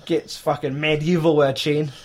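A man's voice: on the high side, little pitch movement, normal speed. A young Scottish man chatting casually as a podcast co-host, swearing often and laughing as he recaps. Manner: sweary, laughing, jumps into silly put-on voices. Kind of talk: casual chat.

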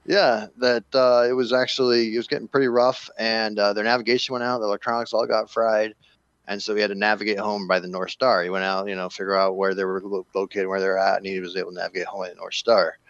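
Low-voiced man, dull dry audio. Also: fast, no echo. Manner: relaxed and explanatory, lots of fillers like "you know". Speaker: game developer guest. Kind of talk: casual interview talk.

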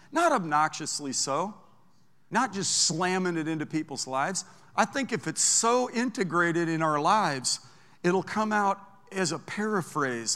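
A bright-toned, high-voiced man preaches a storytelling sermon. His delivery is animated and anecdotal, swinging between hushed and loud. A long reverb hangs in a large church sanctuary. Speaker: pastor.

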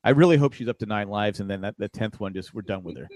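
A man's voice: fairly low pitch, fast, darkish tone, no room sound. A man co-hosting a podcast in casual chat, joking and ranting in mock exasperation. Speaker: podcast co-host.

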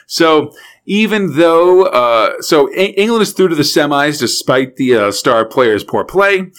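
A man's voice: fairly high pitch, expressive, measured pace. A man co-hosting a podcast, casually recapping a cartoon episode with frequent fillers and laughs. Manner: laid-back storytelling with frequent fillers and laughs. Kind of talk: casual chat.

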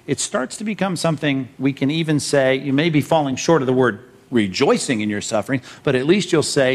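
A man's voice: medium pitch, expressive, brisk, few pauses. A middle-aged man preaching a sermon as pastor, emphatic, with rhetorical questions and numbered points to jot down.

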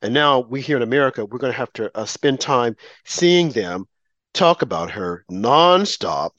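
A man's voice: mid-range voice, expressive, moderate pace, a bit bright, no echo, muffled recording. A man giving an emphatic political monologue, indignant and full of rhetorical questions. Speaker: commentary host.

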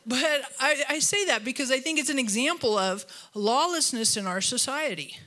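A woman preaching a church sermon, telling stories with lively, self-deprecating humor. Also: high voice, moderate pace. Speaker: guest preacher. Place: church auditorium.

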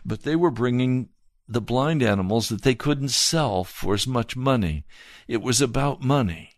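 A man preaching a slow, earnest sermon and telling a personal testimony. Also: medium pitch, lively intonation, dry recording, clean studio sound. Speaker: pastor.

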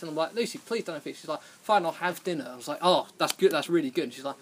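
A man's voice: fairly high pitch, fast talker, hardly any pauses, slight background noise. A man hosting a podcast, telling a rambling, self-deprecating story in casual chat and laughing often. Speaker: podcast host.

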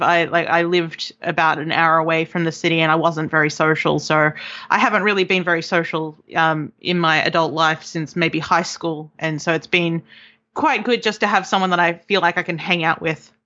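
A woman's voice: fairly low pitch, fairly even intonation, moderate pace, bright, forceful tone, muffled recording. A young Australian woman, just over a cold, chatting as a podcast guest, hesitant with many ums and restarts. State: recovering from a cold. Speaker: podcast guest, game developer. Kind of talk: casual interview chat.

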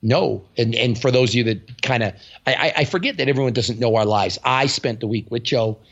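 A man co-hosts a podcast in casual chat. His voice is gravelly and a bit husky, and the recording is dull and lo-fi. He talks bluntly and tells animated stories, with some swearing. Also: mid-range voice, brisk. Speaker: podcast co-host.

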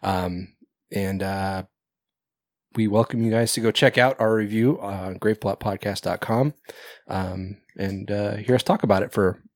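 A man's voice: lowish voice, steady tone, measured pace, darkish tone, no room sound, studio quality. A man hosting a podcast in casual chat, rambling, swearing and laughing often. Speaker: podcast host.

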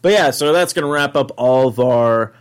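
Man, podcast host, casual chat, rambling, lots of restarts, casual swearing, average pitch. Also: moderate pace, smooth.

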